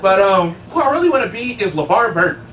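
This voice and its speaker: A man's voice: high-pitched, big pitch swings, quick pace. A young man performing a casual, profane stand-up comedy set, telling rambling stories on stage. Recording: roomy, distant, noisy live room. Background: audience laughter.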